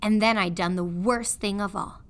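A woman's voice: medium pitch, fairly even intonation, normal speed, close to an everyday voice. A woman doing a pleading, weepy male prisoner. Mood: remorseful. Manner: pleading, plaintive, rough grammar. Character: guilty, weepy middle-aged male prisoner. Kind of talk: storybook read-aloud.

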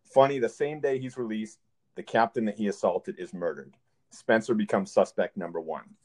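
A man co-hosting a casual movie review podcast, summarizing plots in a measured, plainly critical way. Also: fairly low pitch, darkish tone. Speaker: podcast co-host.

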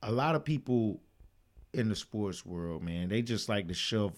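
Dude on a podcast, cussing a lot, laughing, relaxed chat. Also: male voice, fairly low pitch, unhurried. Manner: profane, animated, laughs often. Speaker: podcast co-host. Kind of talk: casual chat.

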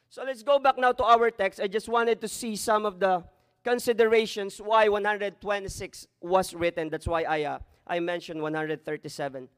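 A man's voice: sits high, clear, resonant tone. A man preaching a sermon as pastor, slipping Tagalog phrases into his English. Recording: echoey hall.

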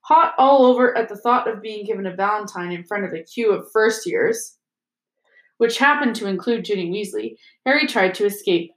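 A woman teacher reading a chapter book aloud to her students in a steady, expressive way. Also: medium pitch, moderate pace, reverberant, low-quality recording. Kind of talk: storybook read-aloud.

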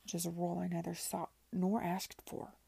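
Woman playing a weary scornful gentleman, clipped, low, half-whispered, husky. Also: monotone, normal speed, no room sound, full character voice. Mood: bitter.

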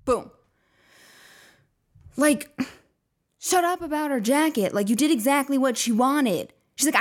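A woman's voice: sits high, animated, measured pace, pauses often. A woman hosting a comedy podcast, rambling through a profane casual monologue with lots of fillers and acted-out quotes.

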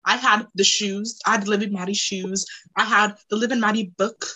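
Bright, excitable young woman chatting. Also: medium pitch, poor audio. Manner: excitable, giggly, quick to laugh. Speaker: podcast co-host. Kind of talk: casual chat.

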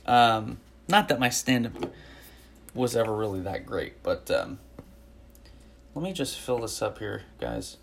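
A woman's voice: a bass voice, expressive, a little slow, vocal fry, pauses often, a little hiss or hum. A woman hosting a podcast in a casual monologue, ranting with sarcasm and lots of swearing and rambling between topics. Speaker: podcast host; former stand-up comic.

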